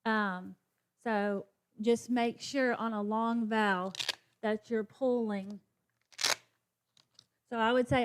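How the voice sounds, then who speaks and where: A woman's voice: a little high, fairly even intonation, takes it slowly, long pauses, slight background noise. A woman teacher demonstrating a phonics lesson for other teachers, sounding out letters and modeling classroom chants. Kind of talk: professional development demonstration for teachers.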